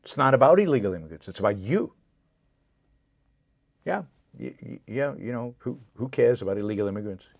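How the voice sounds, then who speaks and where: A man's voice: mid-range voice, animated, a little fast, vocal fry, pauses often, no room sound, studio quality. A man hosting a live political commentary show, speaking with impassioned indignation and answering viewer comments directly. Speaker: show host.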